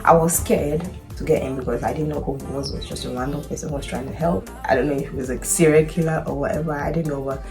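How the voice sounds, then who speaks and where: Woman from Nigeria, low voice, earnest chatty advice, repeats herself, faint music behind. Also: steady tone, fast, hardly any pauses. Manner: chatty, earnest, full of "you know" and repeats. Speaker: international nurse, vlogger. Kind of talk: casual storytelling and advice.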